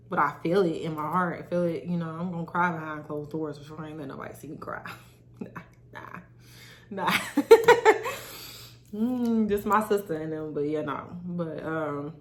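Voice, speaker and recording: A young adult woman hosting her own podcast, talking candidly and motivationally to her viewers in a casual, direct way. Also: lowish voice. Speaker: podcast host. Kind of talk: casual solo podcast talk.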